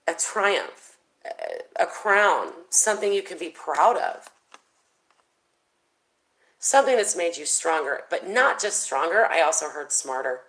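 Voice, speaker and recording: A woman's voice: on the low side, fairly bright tone, low-quality recording. A woman doing a casual tarot reading, chatty and thinking aloud with plenty of fillers. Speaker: tarot reader.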